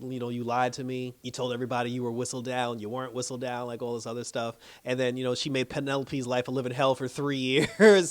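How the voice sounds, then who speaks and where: A man casually recapping a drama episode. He swears freely, laughs often and acts out the characters' lines in playful voices. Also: mid-range voice. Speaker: TV show reviewer.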